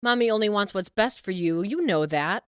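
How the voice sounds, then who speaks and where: A woman's voice: mid-range voice, expressive, normal speed, clean tone, dry recording, clean studio sound, lightly acted. A woman voicing an overbearing, scheming middle-aged mother who talks in a cloying, possessive, sing-song way. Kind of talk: animated story voice-over.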